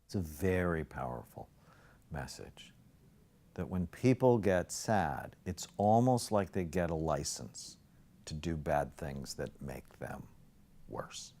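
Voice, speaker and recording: Brief: low-voiced male lecturer, lively storyteller, pitch jumps and hushed asides. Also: slow pace, creaky. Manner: animated storyteller, swings from loud emphasis to soft near-whispers. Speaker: psychiatrist lecturer.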